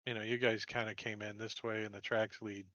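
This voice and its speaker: A man's voice: on the low side, level tone, a little fast, bright, forceful tone, dry recording, lo-fi sound. A man narrating a tabletop game as game master, explaining patiently and restarting his sentences.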